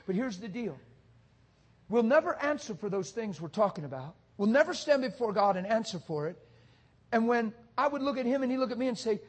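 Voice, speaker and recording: A man preaching a passionate sermon, swinging between shouts and hushed, intimate talk. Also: sits high, expressive, moderate pace, breathy edge.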